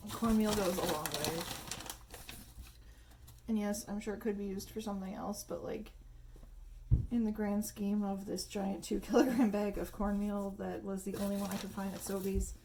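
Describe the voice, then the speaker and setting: A woman's voice: mid-range voice, background noise. A woman filming a casual home cooking video in her kitchen on a phone, chatty and rambling, with lots of fillers. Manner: chatty, rambling, laughs often, many fillers. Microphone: phone camera.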